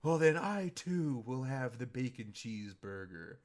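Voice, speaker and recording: A man's voice: mid-range voice, very animated, a little slow, darkish tone. A young man voicing a pious, pompous sixty-year-old religious man who talks in an overly formal, churchy way. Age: 60s.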